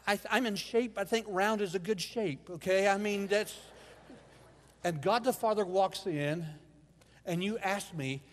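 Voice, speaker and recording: A man delivers an emotional sermon in a church, his fairly high voice dropping to hushed lines and then rising to loud exclamations. The sound carries a long reverb from the sanctuary around him. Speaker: guest preacher.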